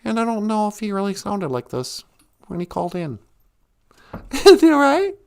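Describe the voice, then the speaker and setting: A woman's voice: medium pitch, moderate pace, vocal fry. A woman hosting a live stream, chatting casually and giggling often. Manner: giggly and animated, laughing often. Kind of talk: casual chat.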